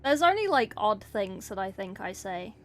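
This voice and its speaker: A woman's voice: medium pitch, very animated, moderate pace. A woman from England and New Zealand, with an English accent that carries New Zealand traces, chatting playfully with viewers while she paints miniatures and answering the chat in short bursts.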